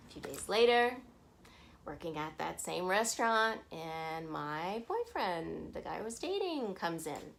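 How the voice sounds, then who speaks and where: Animated woman telling a personal story. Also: on the low side, unhurried, creaky. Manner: animated, acts out the people she quotes. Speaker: vlogger.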